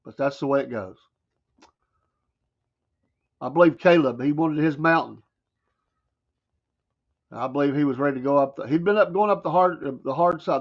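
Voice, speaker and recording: A man's voice: on the high side, highs cut off. A man with a Southern American accent hosting a morning talk show, riffing in a folksy, wry way with mocking asides. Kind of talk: casual talk radio monologue.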